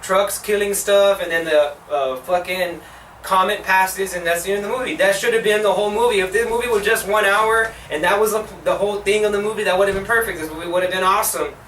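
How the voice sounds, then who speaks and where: A man's voice: sits high, pushed and bright, slight background noise. A young man hosting his own show, giving a profane, rambling movie review full of "like" and exasperated outbursts. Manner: profane, rambling, heavy use of "like". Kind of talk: casual ranting movie review. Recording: roomy echo, mic at a distance.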